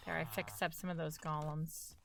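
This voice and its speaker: A woman's voice: deep voice, little pitch movement, moderate pace, gravelly, a bit bright, a little hiss or hum. A young woman streaming a game live, chatting casually with lots of fillers and self-corrections. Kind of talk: casual live-stream chat while gaming.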